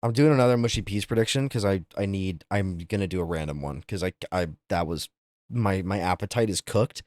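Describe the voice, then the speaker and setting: A young man streaming live, chatting casually with viewers and reacting to things with loud, incredulous, profane outbursts. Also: deep voice, a little fast, dry recording, clean studio sound. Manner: incredulous, swearing, exaggerated reactions.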